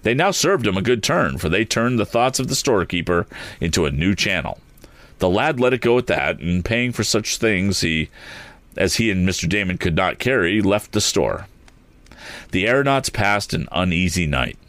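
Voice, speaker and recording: A man's voice: sits low, normal speed, no echo. A man reading a story aloud, giving each character a voice, with a few restarts along the way. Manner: animated, lively reading with occasional restarts. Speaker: audiobook reader.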